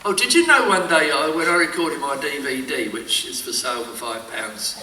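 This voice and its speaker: A man's voice: on the high side, expressive, moderate pace, sharp tone, a little hiss or hum. An older man chatting as a convention panel guest, telling rambling anecdotes full of false starts, recorded at a distance in an echoey hall. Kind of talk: casual panel chat.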